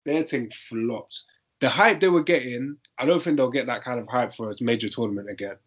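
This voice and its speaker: A man's voice: mid-range voice, quick pace, fairly bright tone, slightly rough. A young man, chatting casually about football in a slangy, emphatic way and repeating his points. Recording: dull lo-fi audio.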